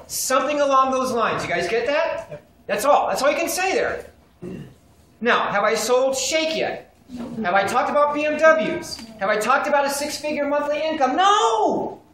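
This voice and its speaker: Energetic man teaching in an echoey room. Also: extremely high pitch, normal speed, slight background noise. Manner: energetic, animated, acts out phone calls. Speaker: sales trainer. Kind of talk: live seminar teaching. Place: seminar room with a live audience. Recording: very echoey room, faint ambience.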